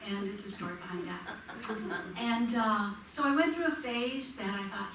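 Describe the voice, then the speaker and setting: A woman's voice: mid-range voice, moderate pace, fairly bright tone, slight background noise. A woman from the congregation shares her personal story, chatty and light with jokes at her own expense. The church around her is very echoey. She sounds a little far from the mic. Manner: conversational, self-deprecating humor. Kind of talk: personal testimony. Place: church sanctuary.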